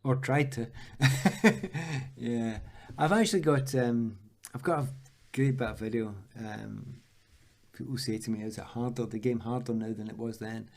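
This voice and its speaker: A former footballer from Scotland, a man in his sixties, tells lively anecdotes in an interview and acts out the voices of the people he quotes. His voice is medium-pitched with vocal fry, at normal speed.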